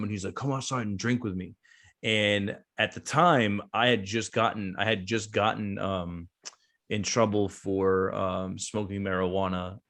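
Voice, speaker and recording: A veteran business owner from New Jersey, about thirty, tells a long casual story as a guest, stumbling through lots of fillers and restarts. His voice is lowish with a fairly bright tone.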